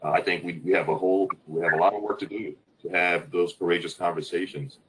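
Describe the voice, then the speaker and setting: A man who leads in the fire service, speaking on a webinar panel in a halting way, stopping often to search for words. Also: low voice, fairly even intonation, slight background noise, poor audio.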